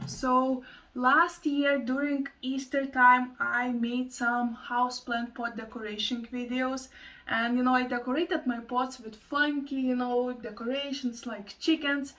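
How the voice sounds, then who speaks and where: A woman chatting excitedly in a casual home plant vlog, gushing over her plants and thanking viewers. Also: high-pitched, distant mic, poor audio. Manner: gushing, excitable, breaks into laughs. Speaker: plant vlogger. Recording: voice a bit off-mic.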